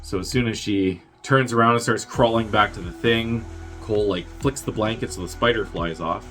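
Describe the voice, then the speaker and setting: A man hosting a podcast, casually recapping a movie plot in a rambling, offhand way and slipping into quick impressions of the characters. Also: on the low side, a bit bright, soft background music. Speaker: podcast host.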